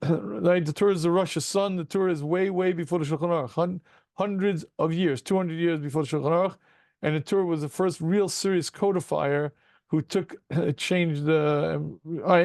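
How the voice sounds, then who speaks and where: A rabbi leads an interactive Talmud class over a video call. His fairly high voice is gravelly, and the sound is dry and close. He throws rhetorical questions at his students and calls them gentlemen. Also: steady tone, no echo. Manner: self-deprecating chuckles, quick asides.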